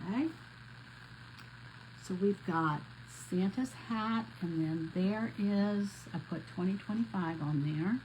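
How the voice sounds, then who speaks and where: A woman with a drawl talks viewers through her gift wrapping in an easy, unhurried way. She chats as she works at home and keeps calling them y'all. A faint hum of room noise sits under her voice. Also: mid-range voice, darkish tone, poor audio. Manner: chatty, addresses viewers as y'all. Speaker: crafting vlogger. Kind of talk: casual crafting chat to viewers.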